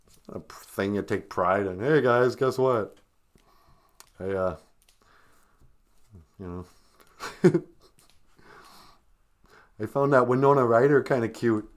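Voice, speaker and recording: A man hosts a comic live stream, teaching short language phrases between jokes. He drawls slowly in a low register and mocks himself. His delivery is loose and playful. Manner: joking, drawling, self-mocking. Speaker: podcast host teaching Ojibwe.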